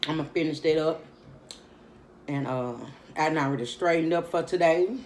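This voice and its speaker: Woman, tired, casual mukbang chat, fairly low voice. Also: moderate pace, a little mellow, slight background noise. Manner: chatty, laid-back, talks straight to viewers. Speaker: mukbang vlogger.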